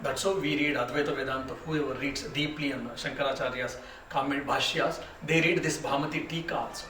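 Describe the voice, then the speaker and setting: A man, a monk teaching at a spiritual retreat, speaks in an unhurried, conversational way, restarting phrases and acting out the people in his stories. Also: medium pitch, fairly even intonation, sharp tone. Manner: acts out the characters in his stories. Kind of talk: spiritual lecture with storytelling. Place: retreat lecture room. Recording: roomy echo, mic at a distance, faint room noise.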